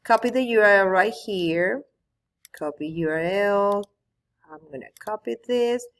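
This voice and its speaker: A Spanish teacher sits at her computer and patiently takes her students through an online tool step by step, recording her screen as she goes. Her voice is medium-pitched and her pace measured.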